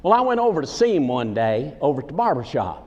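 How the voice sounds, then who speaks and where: Speaking fast in a mid-range, slightly mellow voice with big pitch swings, a Southern-accented comic entertainer does folksy character stand-up, telling stories and teasing audience members. The live show takes place in a large conference hall, and the echoey recording has a lo-fi sound.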